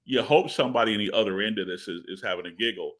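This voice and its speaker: A man's voice: on the low side, rapid-fire, a bit bright. A man talking as a guest in a casual interview, rambling and stammering with repeated words and laughs. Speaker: comic book writer interviewed as guest.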